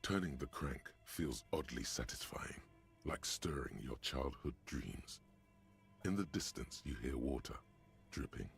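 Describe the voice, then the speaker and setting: An actor narrating a detective's inner mind in a game, in a dramatic, ominous way with a gravelly voice. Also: male voice, rumbling low, lively intonation, a little slow, faint music behind, full character voice.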